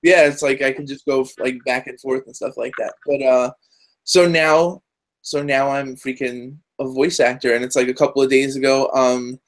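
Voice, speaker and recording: A man talking as a guest in a casual interview over a video call, rambling excitedly and dropping lots of fillers. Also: medium pitch, moderate pace. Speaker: guest, journalist and game voice actor.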